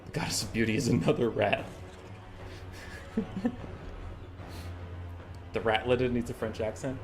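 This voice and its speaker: A man casting a game tournament on a live stream, chatty and excitable, swearing casually and chuckling often. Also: medium pitch, measured pace, long pauses, soft background music.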